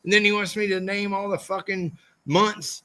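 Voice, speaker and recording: A man who raced motorcycles, telling loud and profane stories as a podcast guest, often slipping into mock quotes of other people. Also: high voice, steady tone, normal speed. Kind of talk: unfiltered storytelling, heavy swearing. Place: podcast studio.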